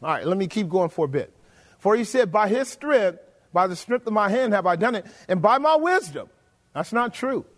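High-voiced emphatic preacher. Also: male voice, very animated, normal speed. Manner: emphatic, rhetorical questions to the congregation. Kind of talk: sermon. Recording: long hall reverb.

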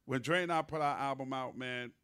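A man hosting a podcast, telling studio stories in a loose, animated, profane way. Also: mid-range voice, fairly quick, clear, resonant tone. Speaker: podcast host. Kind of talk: casual storytelling chat.

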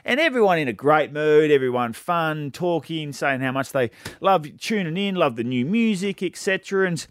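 A man's voice: fairly high pitch, expressive, normal speed, smooth. A man with an Australian accent, a radio host telling stories in casual banter, laughing through his anecdotes. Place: radio studio.

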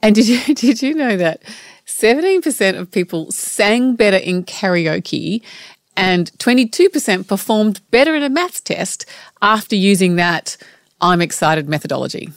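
A woman's voice: mid-range voice, animated, moderate pace, dry recording, studio quality. A woman co-hosting a podcast, offering upbeat, conversational advice. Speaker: podcast co-host. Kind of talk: encouraging pep talk.

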